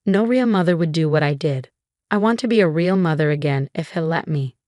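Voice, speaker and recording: A woman voicing a remorseful older mother-in-law who speaks softly and apologetically. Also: low voice, lively intonation, fairly quick, no echo. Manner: soft, apologetic.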